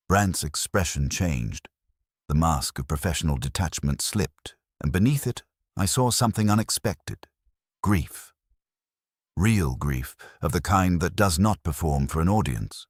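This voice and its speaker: Very deep, husky male storyteller. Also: expressive, no echo, studio quality. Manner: measured, wry, formal. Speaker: narrator. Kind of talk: scripted first-person mystery narration.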